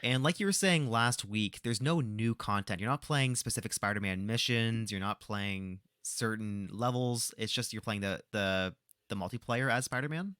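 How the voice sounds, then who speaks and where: A man hosting a podcast, asking questions in a relaxed, agreeable way. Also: fairly low pitch, moderate pace, smooth, no echo, clean studio sound. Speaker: podcast host. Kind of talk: casual podcast chat.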